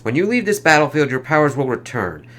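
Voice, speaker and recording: A man's voice: fairly high pitch, big pitch swings, fast, fairly bright tone. A man voicing an arrogant male armored tyrant sorcerer, reading his lines aloud in a haughty, declaiming tone. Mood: gloating.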